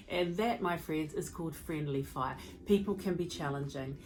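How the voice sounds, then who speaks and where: A woman giving a motivational talk as a mental health speaker and educator, telling stories in an expressive, conversational way. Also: sits low, a little slow.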